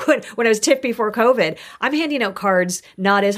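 A woman's voice: a little high, moderate pace. A middle-aged woman, a guest on an interview podcast, telling her career stories casually and acting out the voices of people she quotes. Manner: animated, acts out quoted voices. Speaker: guest, actor and insurance broker.

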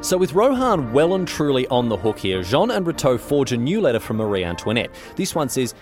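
A man's voice: medium pitch, fairly quick, hardly any pauses, faint music behind. A young man hosting a podcast, retelling history in a slangy, jokey way. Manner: slangy, jokey, lively retelling with put-on quotes. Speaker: podcast host. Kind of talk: casual history storytelling.

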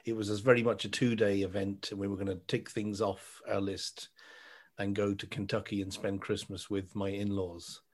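A man's voice: lowish voice, flat delivery, normal speed. A man chatting casually on a podcast, blunt and wry, with offhand swearing. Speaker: podcast co-host. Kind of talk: casual chat.

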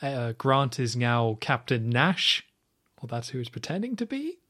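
A man's voice: mid-range voice, big pitch swings, a little slow, bright, forceful tone. A man co-hosting a podcast, chatting casually and enthusiastically about a spy film. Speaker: podcast co-host. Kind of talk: casual film review chat.

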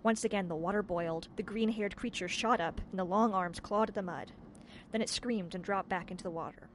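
A woman narrating a storybook in an expressive, measured way. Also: medium pitch, slight background noise. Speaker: audiobook narrator.

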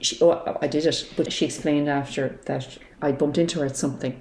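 Irish woman, actor, expressive, deep voice, roomy sound. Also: fairly quick. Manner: expressive, lively storytelling. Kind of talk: casual chat. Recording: echoey room.

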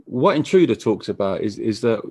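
A man being interviewed as a musician, talking casually in a halting way with frequent stammered restarts. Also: on the low side, big pitch swings, warm tone, slightly rough, no room sound, studio quality. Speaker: musician guest.

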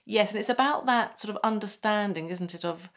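A woman hosting an interview, reflective and murmuring steady agreement. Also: medium pitch, a little fast. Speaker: interviewer host. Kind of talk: interview conversation.

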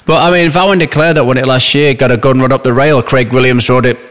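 A man co-hosting a sports podcast, talking through horse racing in loose, animated banter. He restarts phrases and jumps in over others. His voice carries a long reverb tail, as if recorded in a big hard room. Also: medium pitch, fast talker. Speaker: podcast co-host, racing pundit.

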